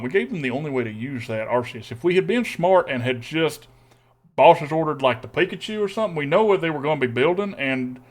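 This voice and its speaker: A young man streaming a card game, thinking aloud and humming to himself as he weighs each play. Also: mid-range voice. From Texas. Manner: thinks aloud, mutters and hums while weighing plays.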